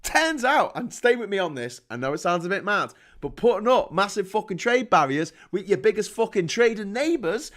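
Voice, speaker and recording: A man's voice: sits high, lively intonation, moderate pace, a bit bright. A man from the North of England, ranting casually and sarcastically on a live stream, swearing a lot and rambling.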